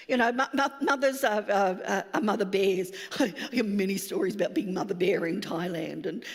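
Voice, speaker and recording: A woman, a pastor telling a lively personal story in a sermon, acting out the dialogue. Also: mid-range voice, moderate pace, few pauses, big-room sound. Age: 60s.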